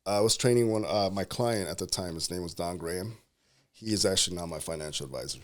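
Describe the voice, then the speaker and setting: A man in his thirties, a pro bodybuilder and entrepreneur, telling stories in a casual interview, animated and quick to laugh. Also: sits low. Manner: animated, laughs often, acts out quotes.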